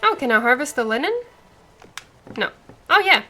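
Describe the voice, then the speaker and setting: A woman with a high, bright voice chats casually while she streams a cozy game. She is upbeat and thinks aloud as she plays. Soft game music plays faintly under her. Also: sing-song, normal speed. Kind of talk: casual let's-play commentary.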